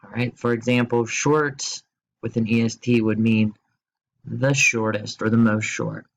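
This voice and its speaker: A man's voice: medium pitch, level tone, vocal fry, poor audio. Playful man teaching a grammar lesson. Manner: playful, asks quiz questions and jokes; slow, spelled-out explanations. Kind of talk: recorded remote grammar lesson.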